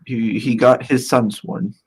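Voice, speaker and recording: A man's voice: medium pitch, steady tone, a little slow, breathy edge. Chatty man who laughs a lot. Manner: rambling, laughs often. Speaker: podcast co-host reading chat. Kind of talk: casual chat.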